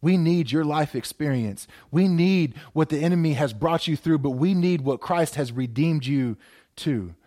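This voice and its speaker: A man's voice: a little high, moderate pace, warm tone. A man preaching a sermon as a pastor, exhorting with repeated phrases and frequent stammered restarts, addressing viewers at home. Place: speaking to a camera for viewers at home.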